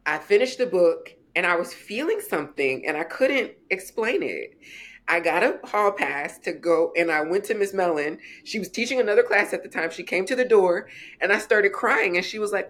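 Woman, 40s, author and interview guest, lively storyteller who acts out quotes. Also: mid-range voice, moderate pace. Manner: animated storyteller, acting out quoted voices.

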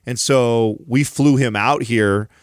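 A man's voice: mid-range voice, slow pace, no room sound, studio quality. A man co-hosting a fitness podcast, chatting casually and telling stories, acting out the voices of people he quotes. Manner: storytelling, acts out quoted voices. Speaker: podcast co-host. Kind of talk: casual chat.

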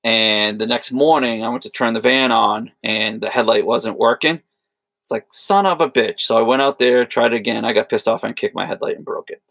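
A man's voice: medium pitch, fairly even intonation, brisk, vocal fry, fairly bright tone, no echo. A man casually telling a rambling, profane story in conversation. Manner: rambling anecdotes with profanity and quoted voices. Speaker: podcast co-host.

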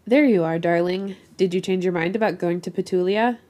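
A bossy, blustering male vampire pirate captain who whines when he doesn't get his way, as a woman reading a story aloud puts him on. The voice sits low and pushes haughty, old-fashioned slang with swagger. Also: fairly quick, warm tone, natural voice.

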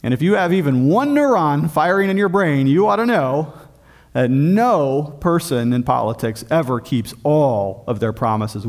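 A man preaching a sermon as pastor of a church, emphatic, often dropping low and quiet on key points.

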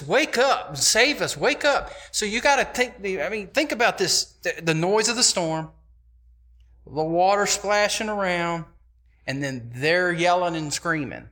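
A male preacher delivers a sermon in a high, bright voice. He speaks slowly and conversationally, pressing his points home and repeating phrases for emphasis.

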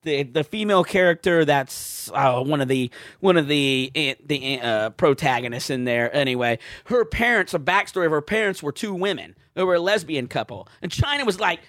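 A man co-hosting a casual podcast, animated and quick to laugh. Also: on the high side, no echo, studio quality. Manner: animated, laughing, swings into mock voices. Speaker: podcast co-host.

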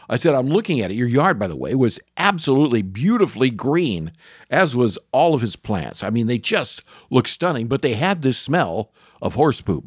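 A middle-aged man hosting a podcast, telling a casual story about lawn care with animated swings into high exclamations. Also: no room sound, clean studio sound.

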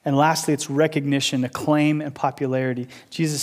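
A man preaching from the pulpit in a fairly high voice. He swings between loud, insistent, repeated appeals and low, hushed explanation. He slips in casual asides and plays out questions from the listeners. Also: steady tone, fast talker, hardly any pauses. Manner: emphatic, rising to loud repeated appeals then dropping low and quiet. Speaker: pastor. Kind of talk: sermon.

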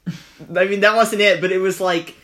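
A man's voice: sits high, steady tone, moderate pace, a bit bright. A young man hosting a casual podcast chat, easygoing and amused. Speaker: podcast host.

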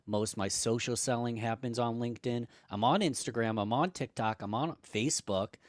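A man guest on a podcast, giving emphatic, energetic business advice in a conversational way, a bit hoarse. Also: medium pitch, normal speed, no room sound, studio quality. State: slightly hoarse.

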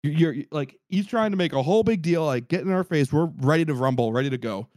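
A man telling a story in casual podcast chat, animated and profane, acting out what people said. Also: on the high side, fast talker, no room sound, clean studio sound. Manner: animated, profane, acts out quotes.

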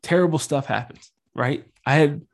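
A man's voice: a little high, normal speed, vocal fry. Earnest rambling man talking faith. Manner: earnest, rambling, swears lightly. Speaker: Catholic podcast host. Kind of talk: casual faith talk.

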